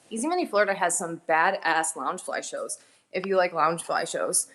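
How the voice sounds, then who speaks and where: A woman's voice: fairly low pitch, lively intonation, brisk, a bit bright, slight background noise. A woman hosting a live selling stream, chatting casually with viewers in a rambling, teasing way. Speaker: live-stream seller host.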